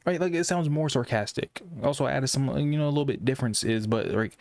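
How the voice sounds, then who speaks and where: A young man talking casually about gaming, in a monotone voice that he says makes him sound sarcastic, rambling with frequent restarts. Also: mid-range voice, creaky, no echo. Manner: rambling, halting with many restarts. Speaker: gaming commentator. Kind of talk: casual monologue.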